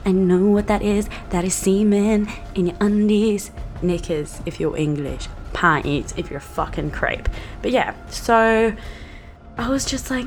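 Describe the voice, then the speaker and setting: A young woman in her twenties, hosting a podcast and telling a story in a brash, sweary, animated way. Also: on the low side, moderate pace, over music. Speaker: podcast host. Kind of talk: casual storytelling monologue.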